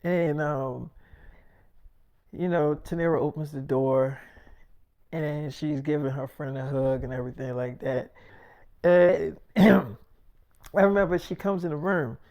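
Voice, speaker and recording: A man's voice: fairly high pitch, fairly even intonation, slow, pauses often, darkish tone. A man telling a personal story in a casual, rambling, profane way, boasting as he goes.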